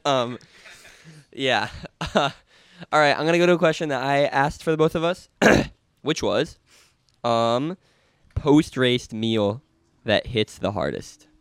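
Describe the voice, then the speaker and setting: A man's voice: mid-range voice, no echo. A young man co-hosting a running podcast, telling stories in a laid-back, rambling way. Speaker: podcast co-host. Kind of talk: casual chat.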